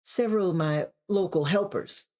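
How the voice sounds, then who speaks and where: A reader voicing a calm, motherly older woman who speaks gently and coaxingly. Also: mid-range voice, normal speed, pitched above the performer's own voice, natural voice. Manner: gentle, coaxing, calls people darling.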